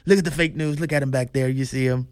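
A man's voice: medium pitch, steady tone, fast, clear, resonant tone, no echo, clean studio sound. A man hosting a political commentary show, talking in a chatty, amused way.

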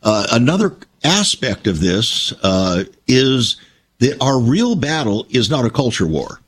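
An older man talks in a husky, slightly breathy voice. His pitch rises and falls a lot as he tells his stories. He stresses his points in a measured, emphatic way. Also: very animated, fairly bright tone. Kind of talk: reflective conversational talk.

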